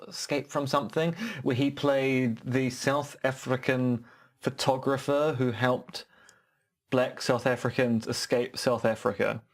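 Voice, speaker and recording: A man's voice: medium pitch, steady tone, measured pace. A man with a New Zealand accent, co-hosting a comedic podcast with dry, sardonic remarks and news reading. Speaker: podcast co-host.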